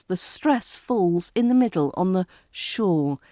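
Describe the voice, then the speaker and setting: A British woman with an RP accent coaches pronunciation, saying each word with slow, careful deliberation and repeating it for practice. Her voice is soft and mellow, recorded close and dry. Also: lowish voice, lively intonation, dry recording. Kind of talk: pronunciation lesson.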